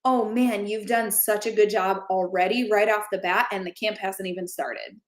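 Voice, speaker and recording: A woman chatting casually and telling stories with plenty of life, slipping into quoted voices as she goes. Her voice sits at an ordinary pitch. The room around her is echoey. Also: normal speed. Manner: lively storyteller, acts out quoted lines. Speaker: co-host. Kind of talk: casual podcast chat.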